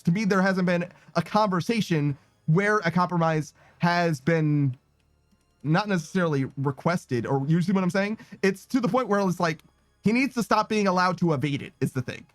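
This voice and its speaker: A young man with a high, bouncy voice talks casually to his stream audience, reacting loudly and swearing freely. He is close to the mic with no room sound, and soft music plays behind him. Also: no room sound. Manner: animated, swearing, breaks into laughter. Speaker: streamer reading chat. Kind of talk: casual live-stream chat.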